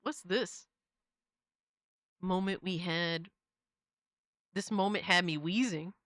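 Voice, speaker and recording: A man hosting a casual commentary show, swearing freely and reacting loudly. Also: sits high, slow pace. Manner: profane, loud, exclamatory.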